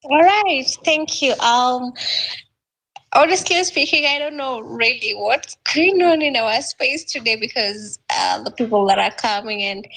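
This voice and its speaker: A young Kenyan woman with a high voice speaks in an impassioned, urgent rush. She talks in a live audio chat room, often stumbling over repeated words as her feelings run high. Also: unhurried, a bit bright, rough recording. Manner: emotional, urgent, repeats words while searching.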